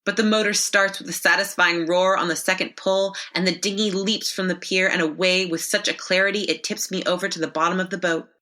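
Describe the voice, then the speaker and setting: A woman narrating a first-person horror story in a measured, expressive read. Her voice sits slightly low but rings bright and forward.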